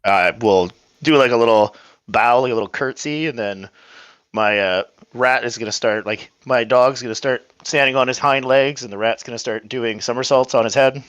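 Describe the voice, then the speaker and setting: A man playing a tabletop game, describing his character's actions in a relaxed, laid-back way. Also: medium pitch, moderate pace, clean tone, dry recording. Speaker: player. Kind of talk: casual tabletop play.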